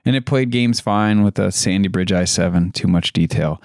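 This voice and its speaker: A man's voice: low voice, normal speed, a little mellow, dry recording, clean studio sound. A man hosting a casual podcast chat, rambling with fillers and frequent laughs. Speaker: podcast host.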